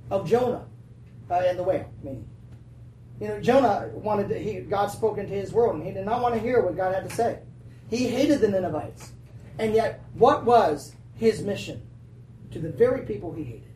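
A woman pastor preaching a lively sermon, laughing often and calling out for responses from the room. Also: mid-range voice, normal speed. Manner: animated, laughing, calls for audience response. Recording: roomy, distant, faint noise.

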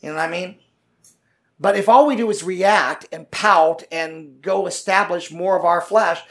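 A man preaching a conversational sermon as a pastor. He talks haltingly with many fillers and restarts, and builds to louder, emphatic points. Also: sits high.

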